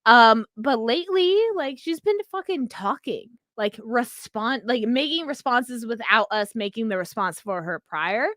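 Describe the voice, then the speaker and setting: A woman's voice: fairly high pitch, expressive, unhurried, hardly any pauses, fairly bright tone, dry recording, studio quality. A woman in her thirties co-hosting a podcast, chatting casually, rambling, swearing freely and giggling often. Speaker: podcast co-host. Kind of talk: casual chat.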